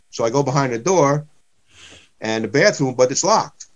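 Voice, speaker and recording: A man tells rambling stories in casual chat, circling back and repeating himself. His voice sits at an ordinary pitch. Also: expressive, moderate pace, low-quality recording. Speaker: comedian guest.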